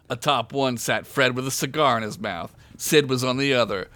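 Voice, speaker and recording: A man's voice: medium pitch, a little slow, bright, forceful tone, dry recording. A man hosting a podcast, reading a comedy story aloud and laughing along. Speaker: podcast host.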